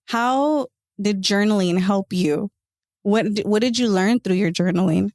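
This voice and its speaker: A woman's voice: medium pitch, measured pace, no echo, clean studio sound. A woman hosting a casual chat, telling stories with animation and acting out what her friends said. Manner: animated storyteller, acts out friends' quotes. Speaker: host.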